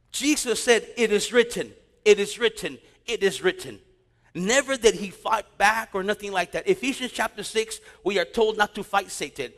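A man preaching a sermon as pastor, telling stories and quoting scripture in an animated way. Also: high voice. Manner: animated preaching with storytelling asides. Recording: long hall reverb.

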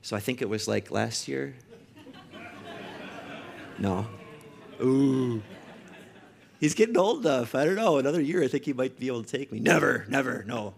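A man's voice: medium pitch, sing-song, moderate pace, gravelly, long pauses. A man in his thirties, a pastor, telling a personal story in a sermon, his delivery rising to emotional emphasis.

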